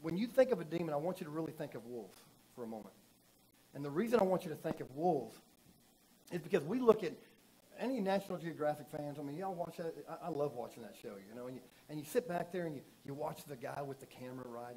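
A man preaching a sermon in a church, telling stories casually and building from soft asides to loud emphatic preaching. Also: fairly high pitch, fast, poor audio. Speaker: pastor.

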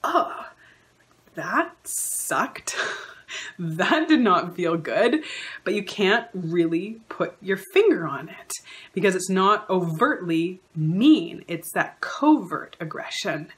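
A woman's voice: fairly low pitch, lively intonation, takes it slowly. A woman counsellor giving an earnest advice talk, stringing together lists of repeated phrases. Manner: acts out quoted remarks in shifted voices.

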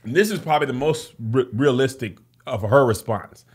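A man hosting a comedy podcast, reading messages aloud in an animated, joking way. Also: medium pitch, moderate pace, breathy edge. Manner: animated, reads messages aloud with acted voices. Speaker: podcast host.

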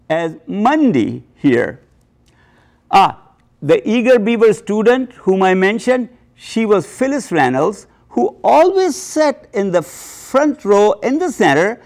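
Older Indian man with a lively, gravelly voice. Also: high voice. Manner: wry, self-mocking anecdotes. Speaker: host. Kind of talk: memoir storytelling.

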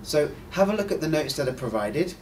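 A man hosting a scripted Mandarin lesson, explaining clearly and encouraging the listener to repeat. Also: a little high, lively intonation, distant mic, a little hiss or hum. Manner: clear, encouraging, models sounds slowly. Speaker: host and Mandarin teacher.

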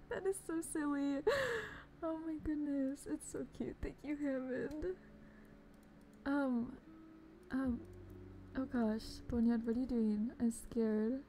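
A gushing, giggly woman streamer with a high voice chats casually on a live stream. She talks at an unhurried pace, and a faint background noise sits under her voice. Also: steady tone, mellow. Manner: gushing and giggly, greets viewers.

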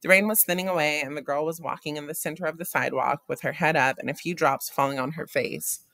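Bright-voiced man reading a novel aloud. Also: on the high side, fairly even intonation, fast talker, creaky, no echo. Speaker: reader of a novel for class. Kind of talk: read-aloud narration.

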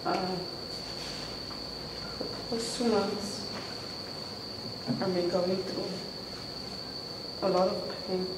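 A woman's voice: mid-range voice, fairly even intonation, very slow, long pauses. Woman, earnest church testimony, hesitant, big echoey hall with a long ring. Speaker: congregant giving testimony. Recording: echoey hall, distant mic, cricket noise.

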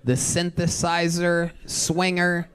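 A man's voice: high voice, completely flat delivery, a bit bright, clear, resonant tone. A man hosting a live comedy show, teasing and questioning a guest on stage. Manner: teasing, quick interviewer. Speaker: host. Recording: live club recording with background noise.

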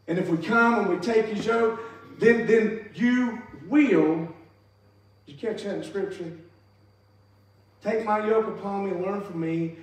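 A pastor preaching a sermon, swinging between emphatic rises and quiet, soft endings. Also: male voice, sits high. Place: church sanctuary. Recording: echoey church hall, mic far off.

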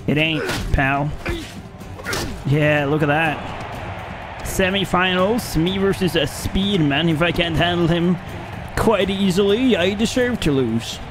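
A man with a high voice narrates his gameplay, mocking the enemies he fights and breaking into short shouts in combat. He is not an English speaker. Clear game music plays under his voice. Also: takes it slowly. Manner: playful trash talk at enemies. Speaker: gaming YouTuber. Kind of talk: gameplay commentary. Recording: game music playing behind.

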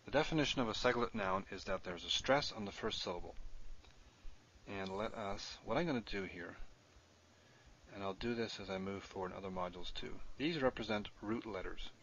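Low-voiced man teaching a grammar lesson. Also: fairly quick, a bit bright, muffled recording, a little hiss or hum. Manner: explains step by step while writing on screen. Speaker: Hebrew teacher.

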